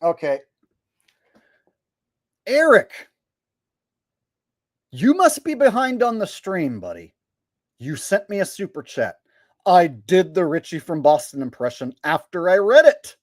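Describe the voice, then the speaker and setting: A man's voice: high voice, big pitch swings, unhurried, long pauses, dry recording, clean studio sound. A man hosting a livestream, reading viewer messages in a sarcastic, rambling way with stammers. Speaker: livestream host.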